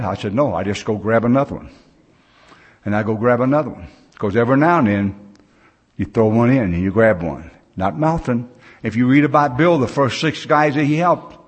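A man's voice: fairly low pitch, breathy edge. A man in his sixties speaking at a recovery meeting, telling stories in a folksy, plain-spoken way with loose grammar.

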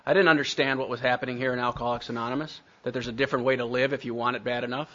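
A man's voice: mid-range voice, fairly even intonation, very fast, bright, forceful tone, highs cut off. A man telling his recovery story to a meeting, blunt and self-mocking. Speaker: speaker sharing recovery story.

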